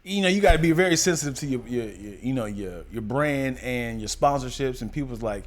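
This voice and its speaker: A man co-hosting a casual podcast, telling stories in an animated way, acting out quotes with yells and laughter. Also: mid-range voice, a little fast. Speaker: podcast co-host. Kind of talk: casual chat.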